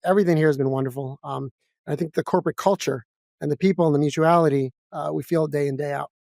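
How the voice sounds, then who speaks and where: A man with a New York accent, a guest in a casual interview, talking fast and bluntly with lots of energy. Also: a little high, fairly even intonation, gravelly, darkish tone, no room sound, clean studio sound. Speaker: guest, financial advisor. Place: office.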